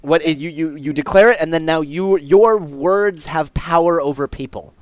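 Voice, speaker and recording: A man's voice: a little high, normal speed, no echo. A man narrating a tabletop game as game master, in a loose, chatty way with fillers.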